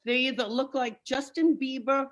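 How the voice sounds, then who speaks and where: A woman's voice: high voice, steady tone, moderate pace. A middle-aged woman doing a brash, punchy stand-up comedy set from home on a video call. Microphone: computer mic on a video call. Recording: noisy video call audio.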